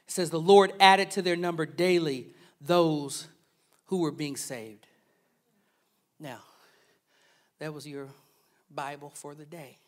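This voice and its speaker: A male pastor preaching a sermon, animated, swinging from loud preaching to soft, playful asides. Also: sits high.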